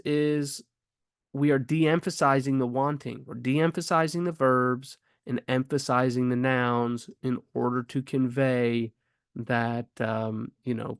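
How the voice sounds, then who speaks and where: A man's voice: mid-range voice, gravelly, no room sound, clean studio sound. A man teaching grammar casually, thinking aloud with frequent ums and restarts. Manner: rhetorical questions asked with rising emphasis.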